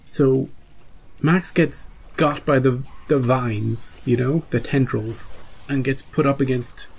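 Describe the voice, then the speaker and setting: A man's voice: medium pitch, steady tone, slow pace, vocal fry, darkish tone, breathy edge, rough recording. A man hosting a reaction channel, recapping an episode with rising emotion and acting out his own gasps and urgings. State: choked up.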